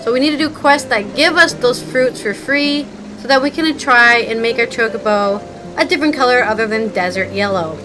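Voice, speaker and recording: A woman's voice: a little high, moderate pace. A woman streaming a game, chatting casually, swearing and laughing freely. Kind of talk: casual live-stream commentary. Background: game music.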